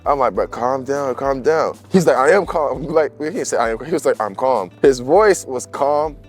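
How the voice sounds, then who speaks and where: A man's voice: mid-range voice, expressive, normal speed, faint music behind. A young man telling a story in casual, slangy chat and laughing as he goes.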